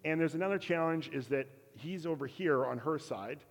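A man's voice: on the high side, normal speed, big-room sound. A man telling a personal story in a sermon, candid and self-deprecating, acting out bits of dialogue. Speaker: preacher. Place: church.

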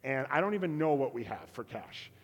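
A man's voice: mid-range voice, big pitch swings, brisk, husky, long reverb tail. A man telling a personal story in a sermon, candid and self-deprecating, acting out bits of dialogue. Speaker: preacher. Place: church.

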